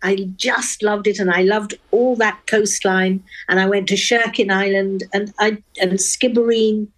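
An older Englishwoman with a posh Oxford accent, a guest in a radio interview, speaking frankly and wittily with crisp diction. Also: medium pitch, fairly even intonation, a little slow. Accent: upper-class English (Oxford). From England.

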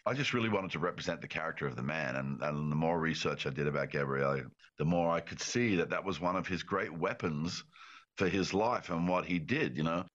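A man with a very deep voice chats easily in a radio interview, joking and laughing as he goes. The sound is a bit muffled and dull. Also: fairly quick, fairly bright tone. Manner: easygoing, jokey, chuckles often. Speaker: actor guest.

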